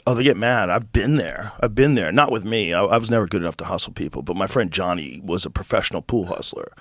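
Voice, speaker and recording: A man's voice: deep voice, fast talker, dry recording, studio quality. A man hosting a podcast, telling stories in a casual, profane way and acting out what people said. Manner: profane, animated storyteller who acts out quotes. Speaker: podcast host. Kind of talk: casual storytelling chat.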